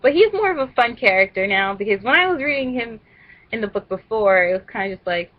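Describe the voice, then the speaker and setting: A young woman casually discussing a book she read, talking in an animated, rambling way. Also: a little high, a little fast, muffled recording. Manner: animated, rambling, laughs at her own jokes. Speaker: vlogger reviewing a book.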